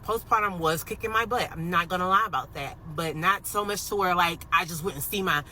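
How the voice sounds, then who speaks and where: A woman's voice: on the low side, a little hiss or hum, low-quality recording. A woman in her thirties telling a personal paranormal story in a casual, emotional storytime vlog, with lots of "like" fillers. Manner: emotional, animated retelling with many "like" fillers. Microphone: phone.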